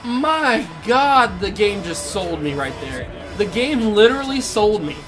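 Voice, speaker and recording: A man hosting a gaming channel, ranting furiously through live gameplay commentary, swinging from shouts to low mutters. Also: very animated, a little slow, music in the background.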